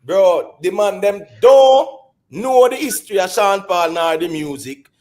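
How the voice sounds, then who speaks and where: A man with a Jamaican accent hosting a heated panel debate, insistent and quick to cut in with repeated calls to hold on. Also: high-pitched, expressive, a little mellow.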